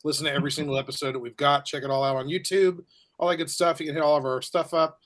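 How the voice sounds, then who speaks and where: A man's voice: on the high side, level tone, very fast, a bit bright. A man co-hosting a podcast, jokey and crude, plugging the show in casual chat. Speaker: podcast co-host.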